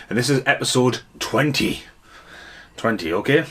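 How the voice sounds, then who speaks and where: A man's voice: mid-range voice, normal speed, a little hiss or hum. A man giving a casual, rambling, jokey movie review.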